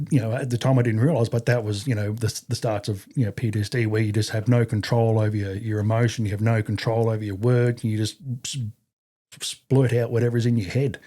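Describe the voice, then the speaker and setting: A man's voice: on the low side, fairly even intonation, a little fast, warm tone. A middle-aged man with an Australian accent, telling a story as a podcast guest in a blunt, profane, rambling way. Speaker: podcast guest, army veteran. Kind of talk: casual anecdotal storytelling.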